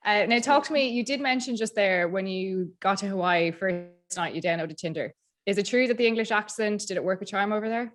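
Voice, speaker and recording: A woman's voice: mid-range voice, fairly quick. A woman hosting a chat show, asking questions in a teasing, upbeat way. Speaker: host. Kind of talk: interview chat.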